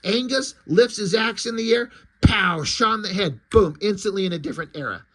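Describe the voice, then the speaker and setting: A man's voice: high voice, fairly quick, fairly bright tone. A man casually walking through a comic book, chatty and swearing freely.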